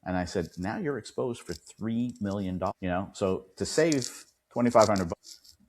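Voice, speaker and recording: A man, an attorney and podcast guest, telling a client story with lively quoted dialogue. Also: fairly low pitch, moderate pace. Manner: animated retelling, acts out quoted dialogue. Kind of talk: storytelling in an interview.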